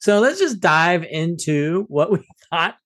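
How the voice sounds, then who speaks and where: A man's voice: on the high side, big pitch swings, slow, a bit bright. Joking, rambling man co-hosting a podcast. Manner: joking, rambling, self-deprecating. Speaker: podcast co-host. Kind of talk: casual movie review chat.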